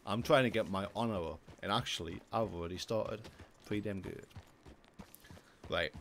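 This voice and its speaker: A man's voice: lowish voice, moderate pace, vocal fry, a little hiss or hum. A young man streaming a game, joking and easily startled. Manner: excitable, jokey, easily startled. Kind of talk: gaming livestream commentary. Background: game music.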